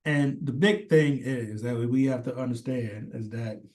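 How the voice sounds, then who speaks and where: A man's voice: mid-range voice, a little slow, a little mellow. A man ranting in a casual, rambling way, swearing often and stressing his points hard. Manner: rambling, profane, emphatic. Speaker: commentator. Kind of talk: casual opinion rant.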